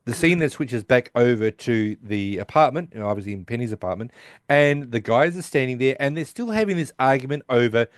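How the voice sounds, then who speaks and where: A man's voice: medium pitch, animated, brisk, no room sound. Male podcast co-host, casual recap voice, dry close mic. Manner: retells scenes with quoted lines.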